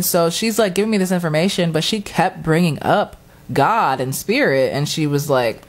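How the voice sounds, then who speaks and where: A woman in casual chat, animated as she tells a story and acts out what others said. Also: moderate pace. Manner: animated storyteller, acts out quotes with high squeals and laughs.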